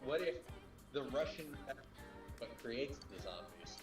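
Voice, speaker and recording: A man co-hosts a gaming stream, tossing out teasing jokes in casual chat. His voice echoes around the room. Music plays clearly underneath him. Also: mid-range voice, expressive. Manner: joking, quick to tease.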